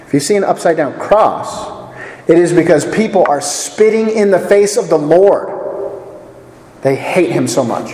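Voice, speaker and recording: Guy teaching bible study, kinda high voice, jokey and chatty, big echoey hall. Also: a little mellow. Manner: chatty and joking, poses questions to the group. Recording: echoey hall with long reverb.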